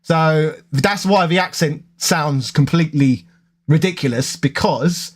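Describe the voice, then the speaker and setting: A man's voice: a little high, a little slow. A man with a London accent, chatting casually and rambling to his viewers. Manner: rambling, conversational, self-correcting. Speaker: gaming YouTuber.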